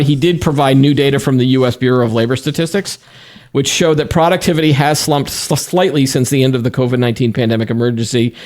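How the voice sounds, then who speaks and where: A man co-hosting a tech news podcast, his voice sitting at an ordinary middle pitch. He reads stories aloud and breaks off into casual asides. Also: a little mellow. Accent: Boston. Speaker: podcast co-host.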